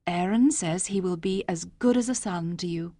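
A woman reading a story aloud, voicing a gentle, hopeful young village girl who speaks earnestly. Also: on the low side, normal speed, dry recording, pitched above the performer's own voice, natural voice.

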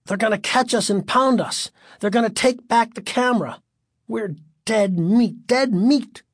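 A man's voice: fairly high pitch, expressive, moderate pace, breathy edge, dry recording, studio quality. A man voicing a worried young boy who pleads anxiously, in a storybook reading. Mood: panicked. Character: worried boy hero, pleading but stubborn.

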